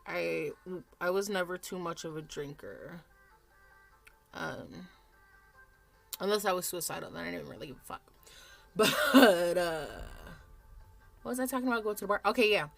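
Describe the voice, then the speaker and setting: A woman's voice: on the low side, moderate pace, vocal fry, pauses often, fairly bright tone, soft background music. A woman in her thirties chatting casually and rambling as she does her makeup at home on camera for a vlog, swearing freely. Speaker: vlogger.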